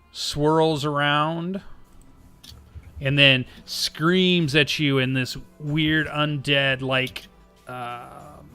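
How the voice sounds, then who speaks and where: A man narrating as game master of a tabletop game, slow and halting, with many fillers. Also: medium pitch, sharp tone, clean tone.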